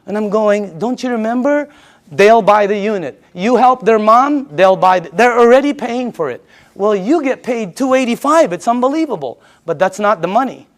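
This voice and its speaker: A middle-aged man with a noticeably high voice works a room in a live sales presentation. He talks in an emphatic, excitable way and repeats each listener's answer back to them. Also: normal speed. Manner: chatty and excitable, laughs between points. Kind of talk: live sales pitch to an audience.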